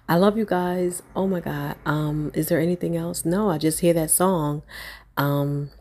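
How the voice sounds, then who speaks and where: A woman shares spiritual encouragement in a loose, prayerful ramble, often circling back and restarting her thoughts. Her voice sits low, and she takes her time. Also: measured pace, a little mellow. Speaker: online prophetic encourager. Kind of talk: spontaneous spiritual encouragement vlog.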